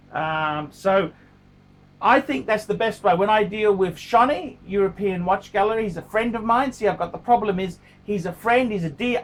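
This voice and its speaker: A middle-aged man, talking casually to camera in a blunt, profane way and often repeating himself. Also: high voice. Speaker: watch collector vlogger.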